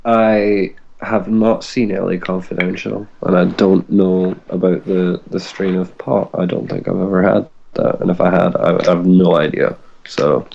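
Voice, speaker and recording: A man's voice: deep voice, little pitch movement, unhurried, creaky, few pauses. A man as a podcast guest in casual late-night chat, swearing freely and laughing often. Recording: dull lo-fi line with faint hiss.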